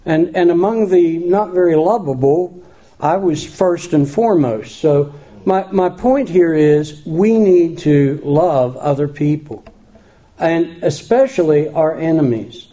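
Male pastor, sermon, very slow unhurried delivery, dark mellow tone, folksy asides. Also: on the high side. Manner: folksy, self-deprecating asides.

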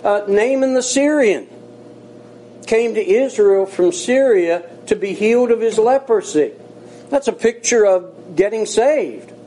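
A man preaching a sermon as pastor, earnest and folksy, slowing down to stress key points. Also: sits high, expressive, warm tone, low-quality recording. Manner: earnest, folksy, slows for emphasis.

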